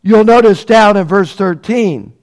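Male preacher, high voice, slow emphatic sermon, rhetorical questions. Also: darkish tone. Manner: emphatic, repeats key phrases, asks the congregation questions.

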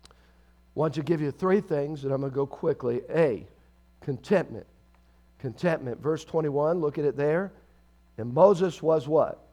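A man preaching a sermon as pastor, swinging between loud emphatic bursts and quiet low asides, calling for responses from the congregation. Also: unhurried.

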